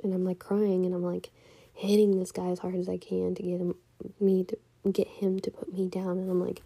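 A young woman telling a personal story in a casual, hushed way, often half-whispering and full of "like". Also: on the low side, monotone, normal speed, gravelly, breathy edge.

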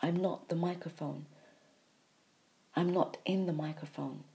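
A woman giving a spiritual monologue, repeating phrases in a preachy way, sighing and swinging between soft and loud. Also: deep voice, steady tone, measured pace, creaky. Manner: repetitive, preachy, with sighs and emphatic swings in loudness. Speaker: spiritual speaker.

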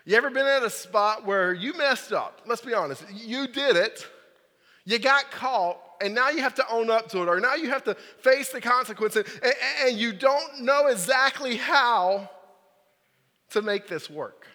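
Bright-voiced young man preaching in a hall. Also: extremely high pitch, animated, measured pace. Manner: casual, joking storyteller with many "like"s and "right?"s. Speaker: youth pastor. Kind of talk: sermon with personal story. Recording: large hall with long reverb.

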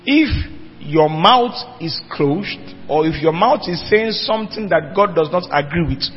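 A man's voice: on the high side, lively intonation, a little slow, faint music behind. A man preaching a sermon, emphatic and asking the congregation rhetorical questions. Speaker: pastor. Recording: dull lo-fi church hall recording with long reverb.

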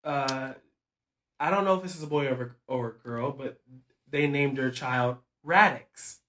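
A man's voice: medium pitch, measured pace, a bit bright. A man co-hosting a casual podcast, chatting and teasing with frequent laughs. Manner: laughs often, playful teasing. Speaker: podcast co-host. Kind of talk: casual chat.

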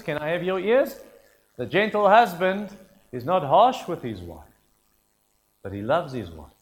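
Male preacher, earnest and emphatic, voice on the higher side. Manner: earnest, emphatic, repeats key phrases. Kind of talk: sermon.

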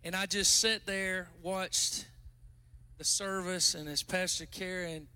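A man preaching as a guest pastor in a casual, joking sermon. He is chatty and pokes fun at himself, then bursts into loud exclamations. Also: high voice, fairly even intonation, slow pace, clear, resonant tone.

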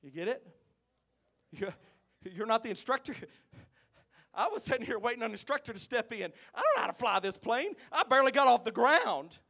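A man preaching in a church, with a very high, bright, ringing voice. He tells folksy stories quietly, then breaks into loud, stretched-out shouts. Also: expressive, creaky. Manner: swings from quiet storytelling to shouted, drawn-out exclamations. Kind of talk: sermon.

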